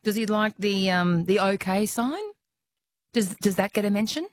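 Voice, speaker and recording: A woman hosting a radio chat, easygoing and quick to laugh. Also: medium pitch, fairly even intonation. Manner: chatty, laughs easily. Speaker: radio host.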